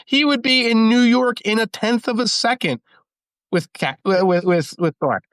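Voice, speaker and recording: A man talking football as a podcast guest, rambling and animated, full of asides. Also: sits high, moderate pace, smooth, dry recording. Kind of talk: casual sports talk.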